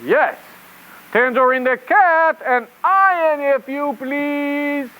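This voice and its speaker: A man's voice: extremely high pitch, extremely slow, sharp tone, heavily acted, poor audio. A man voicing a chirpy male rabbit reporter puppet in a children's puppet show, with a silly put-on French accent. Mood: cheery.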